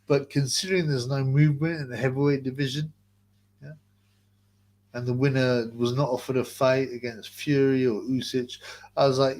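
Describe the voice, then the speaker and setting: A man's voice: mid-range voice, steady tone, measured pace, pauses often, darkish tone. A man hosting a casual livestream, reading out chat messages and rambling bluntly, swearing and calling viewers bro. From England.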